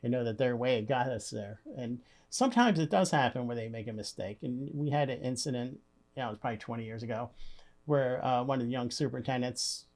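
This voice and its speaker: A man's voice: mid-range voice, a little fast, darkish tone. A man who leads a construction company, a podcast guest telling stories in a friendly, plainspoken way. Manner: friendly, plainspoken, repeats words as he starts. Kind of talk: conversational storytelling.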